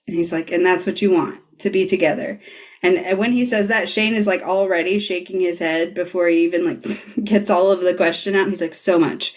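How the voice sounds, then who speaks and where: A woman hosts a podcast with a somewhat low voice. She retells a scene in casual talk, laughs often and swears freely. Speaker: podcast host.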